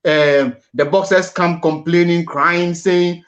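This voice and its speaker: A man's voice: high voice, expressive, moderate pace, few pauses, a bit bright, dull audio. Earnest male boxing show host. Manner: earnest, repeats and restarts words. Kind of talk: panel discussion on boxing.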